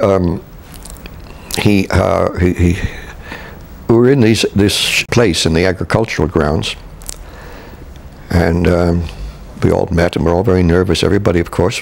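An older man from Canada looks back on his years on stage. He speaks in a deep, gravelly voice, stopping and restarting his sentences and chuckling as he remembers. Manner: halting, with many restarts and chuckles. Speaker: interviewee, veteran stage actor. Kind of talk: reminiscing interview.

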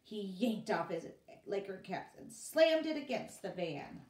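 A woman teacher reads a story aloud to her students, unhurried and expressive, her pitch rising and falling freely. Her fairly low voice sounds roomy and set back from the microphone. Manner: expressive, pausing for students' questions. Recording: roomy, from away from mic.

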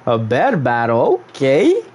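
A young man livestreaming a game, in casual commentary full of slang and banter, swinging from loud teasing outbursts to mock-solemn murmurs. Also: mid-range voice, wildly swooping pitch, slow pace, a little hiss or hum. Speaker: gaming livestreamer.

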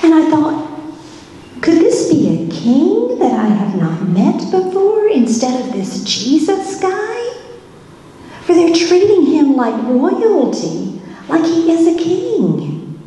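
A woman's voice: sits high, very animated, takes it slowly, mellow, slight background noise, heavily acted. A woman pastor playing a curious, searching Roman governor's wife in a first-person church monologue, asking many wondering questions. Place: church sanctuary. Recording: echoey church hall.

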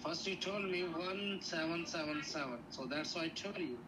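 A man's voice: fairly high pitch, moderate pace, a loud crowd. Pushy man on a noisy phone line. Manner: pushy, insistent, broken English. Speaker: scam caller.

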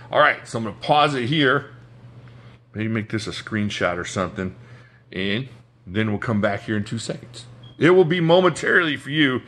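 This man has a crisp, bright voice sitting a bit low. He chats happily and jokily to camera while pulling knives from a drawer at home, and he often mutters to himself. There is a faint hiss behind him. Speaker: knife collection YouTuber. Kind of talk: casual show-and-tell talk to camera. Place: indoors at home beside a knife drawer.

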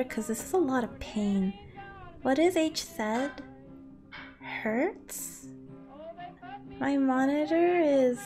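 A woman's voice: high-pitched, animated, slow pace, pauses often, dark tone, faint music behind. A woman streaming a game, chatting casually with her viewers, reading their messages aloud and answering with giggles and playful grumbles. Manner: yelps and grunts while playing. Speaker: streamer playing a climbing game. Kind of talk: casual live-stream chat.

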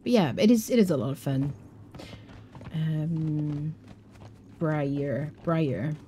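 Mellow, low-voiced woman streamer. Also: lively intonation, a little slow, slight background noise. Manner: chatty, rambling, answers chat. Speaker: game streamer. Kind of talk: live gameplay stream chat.

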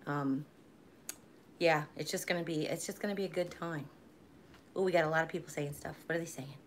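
A woman in her forties with a fairly low voice talks to her viewers in a loose, rambling way. She chats casually and laughs easily as she goes. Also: steady tone, a little fast, slight background noise. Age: 40s. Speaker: vlogger hosting a live stream. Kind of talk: casual live-stream chat.

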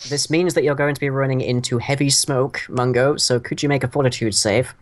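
A man's voice: medium pitch, fairly even intonation, brisk. A man narrating as game master of a tabletop game, hesitant, with many ums and uhs.

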